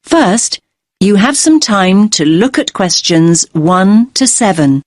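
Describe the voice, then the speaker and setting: A woman reading exam instructions in a calm, measured voice. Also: mid-range voice, no echo, clean studio sound. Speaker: test narrator.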